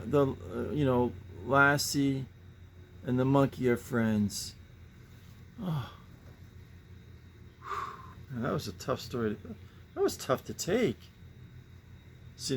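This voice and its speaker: A man's voice: mid-range voice, creaky, a little hiss or hum. A man hosting a casual show-and-tell about his comic book collection, rambling and musing with sighing asides.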